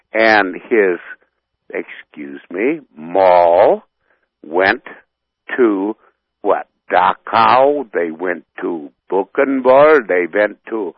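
A man from North Dakota calls in to a radio show over a thin, phone-like line. His low voice swings widely and moves slowly. He rants heatedly and often stalls to search for words. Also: slightly rough, dry recording. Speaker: radio caller. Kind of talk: phone-in rant.

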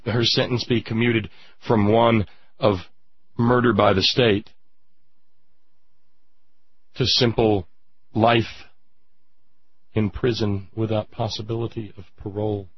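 Husky, low-pitched male commentator, indignant monologue, dry and dull lo-fi sound. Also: flat delivery. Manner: indignant, drawn-out emphatic pauses. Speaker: radio commentator. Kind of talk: impassioned political monologue.

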